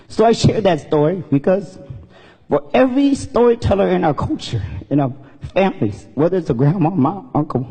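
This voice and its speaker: A comedian giving an earnest, emotional storytelling speech on a stage. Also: male voice, fairly high pitch, expressive, normal speed, mellow, slightly rough. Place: stage in a hall. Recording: long reverb in a hall.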